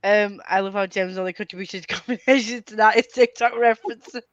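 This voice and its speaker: A woman's voice: medium pitch, fairly even intonation, fairly quick, dry recording, dull audio. A young woman hosting a casual reading-sprint chat, laughing a lot and swearing now and then. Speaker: host.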